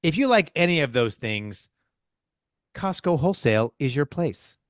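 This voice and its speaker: A man co-hosting a casual podcast, reading race results in a playful, excitable way and tripping over names. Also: fairly high pitch, moderate pace, no echo, studio quality. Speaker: podcast co-host.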